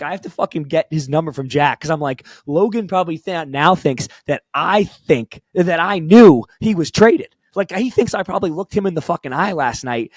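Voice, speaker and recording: A young man co-hosting a podcast, telling a story in casual, excited chat, swearing and laughing often. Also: on the high side, moderate pace, no echo. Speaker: podcast co-host.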